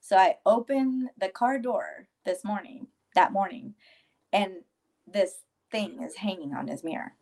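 A woman in her forties tells a moving family story as an interview guest. She stays steady through the tears and brings the people she quotes to life. Her voice sits at a middle pitch. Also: unhurried, creaky. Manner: tearful yet steady, quotes others in lively voices. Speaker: guest, grieving mother. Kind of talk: emotional personal storytelling.

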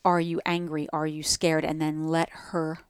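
A woman from New Jersey with a New Jersey accent talks in a smooth, resonant voice that sits a little low. She sounds reflective and spiritual as she speaks, and the sound is close and dry with no room echo. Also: level tone, moderate pace. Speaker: guest. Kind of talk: casual podcast conversation.

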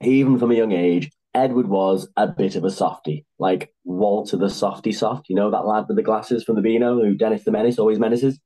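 A man's voice: lowish voice, fairly even intonation, a little fast, few pauses, warm tone, poor audio. Wry man narrating a comic story. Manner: dry wry asides.

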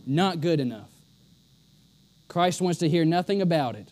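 A man's voice: on the high side, expressive, normal speed, long pauses, a little mellow. A man preaching a sermon with emphasis, often repeating a line for stress.

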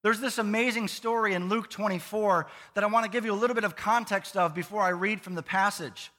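A male pastor with a high, bright, forceful voice, preaching in a lively, conversational way with playful asides. His voice carries a long reverb through the church sanctuary. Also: a little fast. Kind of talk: sermon.

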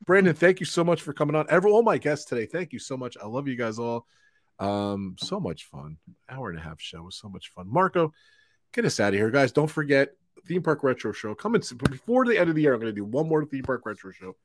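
A man's voice: mid-range voice, sing-song, fast, dry recording, studio quality. A man hosting a live stream from home, chatting casually and laughing often as he wraps up the show. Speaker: livestream host. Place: home in New York.

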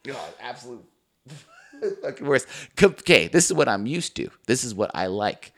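At a moderate pace and medium pitch, a young man co-hosting a podcast spins stories in relaxed conversation. Profanity flows freely, and he performs the quotes of the people involved.

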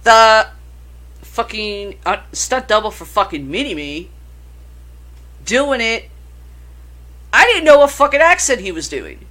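A woman's voice: fairly high pitch, big pitch swings, takes it slowly, long pauses, a bit bright. A woman co-hosting a casual chat about horror films, rambling and swearing freely. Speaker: podcast co-host.

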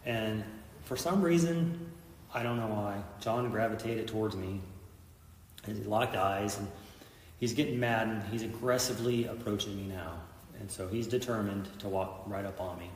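Low-voiced man, echoey distant sound. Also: normal speed, slight background noise. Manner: intense retelling, acts out quoted lines. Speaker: police officer, guest. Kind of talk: telling a story in an interview.

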